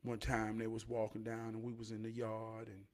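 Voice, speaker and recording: Gravelly man telling a story. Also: lowish voice, completely flat delivery. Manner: slow, emphatic, conversational retelling. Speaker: vlogger. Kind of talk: casual storytelling.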